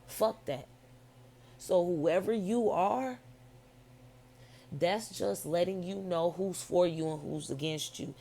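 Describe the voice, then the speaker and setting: A woman's voice: on the low side, slow pace, creaky, long pauses, warm tone, slight background noise. A woman vlogger telling a story in a casual, rambling monologue, blunt and full of swearing.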